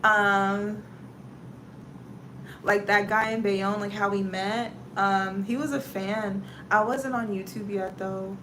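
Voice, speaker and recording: A woman's voice: medium pitch, slow, a little hiss or hum. A woman with a Southern US accent hosting a casual livestream chat, telling stories with dramatic exclamations and reading out viewer comments. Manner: animated storyteller with dramatic exclamations. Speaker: livestream host.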